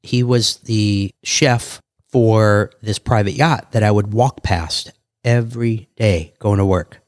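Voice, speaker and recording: Animated New man telling stories. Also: fairly low pitch, no echo. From New York. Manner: animated, quick storytelling with acted quotes. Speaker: guest. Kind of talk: storytelling in a podcast interview.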